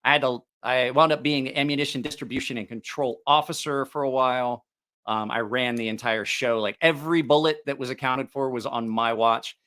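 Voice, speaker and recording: A man's voice: mid-range voice, fairly even intonation, fairly quick, sharp tone, smooth. A man hosting a casual livestream about knives, joking, teasing viewers and laughing often. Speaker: knife channel host.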